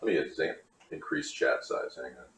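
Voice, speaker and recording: A man's voice: a bass voice, moderate pace, fairly bright tone. Rambling man cooking in an echoey kitchen. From Hollywood, California. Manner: wandering, conspiratorial asides to chat. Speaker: cooking livestream host. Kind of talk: rambling casual chat while cooking. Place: home kitchen. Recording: echoey kitchen with faint clatter.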